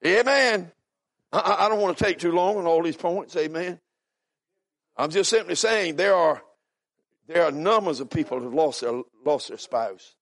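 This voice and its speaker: A man, preaching a sermon with fervent swings from hushed storytelling to shouted cries, often calling out "amen.". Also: fairly high pitch, expressive, normal speed. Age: 70s. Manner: peppers talk with "amen" and "are you listening". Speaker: visiting preacher.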